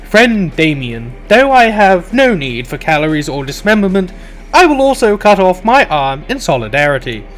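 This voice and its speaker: A polite, literal-minded robot, as a man puts it on, speaking in slow, formal, stiff phrasing. He sounds earnest and courteous in every line. Faint music hums behind him. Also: sits high, big pitch swings.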